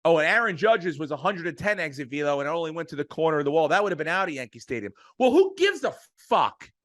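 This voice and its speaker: Talking very fast in a rather high, slightly bright voice, a middle-aged podcast co-host delivers an emphatic, profane rant about sports. The studio sound is clean, with no room sound.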